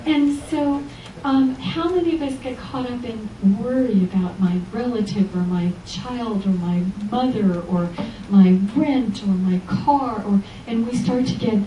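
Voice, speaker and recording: This Los Angeles woman, a spiritual teacher, speaks at a measured pace in a slightly high voice during an inspirational Sunday lecture. She tells stories with animation and acts out the quoted voices, heard from a distance in an echoey church hall with a little hiss or hum.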